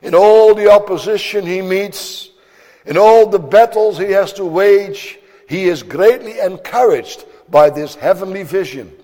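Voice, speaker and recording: A man's voice: high voice, unhurried, warm tone. A man preaching a sermon in a solemn, declamatory manner, stretching out words for emphasis. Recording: long hall reverb.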